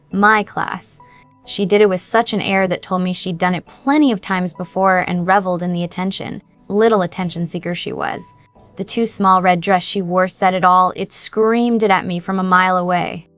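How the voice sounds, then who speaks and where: A woman reading a first-person story aloud in an even storytelling manner. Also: mid-range voice. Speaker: narrator. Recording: faint background music.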